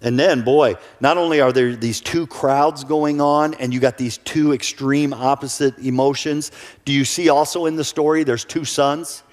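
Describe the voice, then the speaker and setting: A man's voice: medium pitch, steady tone, normal speed. A male pastor giving an earnest sermon who often repeats his first words when starting a sentence. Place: church sanctuary. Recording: church hall reverb.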